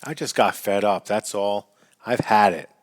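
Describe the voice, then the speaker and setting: A man's voice: on the low side, unhurried, close to an everyday voice. A man reading an audiobook, voicing a distressed young wife who pleads and snaps by turns. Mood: fed up. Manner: pleading, sharp when angry.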